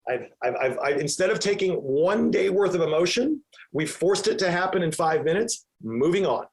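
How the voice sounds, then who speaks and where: A man's voice: high voice, lively intonation, normal speed, creaky. A man answering podcast interview questions with emphatic energy, sometimes acting out his own inner voice. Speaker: real estate team leader, podcast guest.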